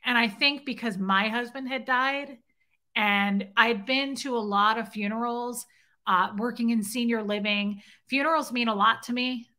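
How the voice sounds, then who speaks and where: A woman's voice: fairly high pitch, unhurried, bright, forceful tone. A middle-aged woman hosting a casual livestream, telling a story bluntly and swearing, and stopping to greet viewers in chat. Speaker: livestream host.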